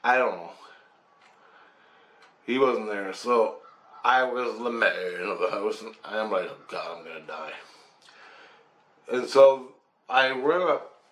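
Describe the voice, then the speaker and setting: A man from Canada telling a personal story in a casual, animated way, mimicking rotor sounds, swearing and laughing as he goes. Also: medium pitch, slow pace, long pauses. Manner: animated, imitates rotor sounds and acts out quoted voices.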